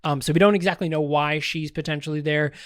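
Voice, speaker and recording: A man's voice: fairly high pitch, steady tone, fast, no echo, clean studio sound. A man hosting a podcast, rambling through casual pop-culture commentary with lots of fillers and restarts, joking and talking straight to the audience. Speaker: podcast host.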